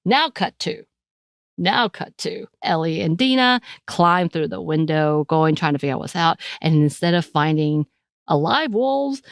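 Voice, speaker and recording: A woman's voice: lowish voice, animated, measured pace, vocal fry, dry recording, studio quality. A woman co-hosting a podcast, chatting animatedly as she recaps a TV episode, often restarting her sentences. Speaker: podcast co-host. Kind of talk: casual chat recapping a TV episode.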